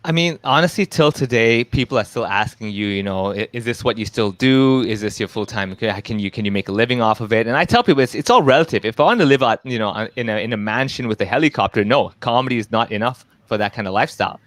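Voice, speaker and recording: A stand-up comedian from Hong Kong chats casually in an interview, talking fast with few pauses in a medium-pitched voice. He is an animated storyteller who acts out the voices of people he quotes, and the recording has no room sound.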